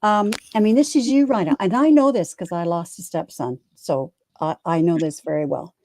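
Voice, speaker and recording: A woman tarot reader going through a card spread, speaking gently and comfortingly with halting restarts. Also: fairly low pitch, no room sound.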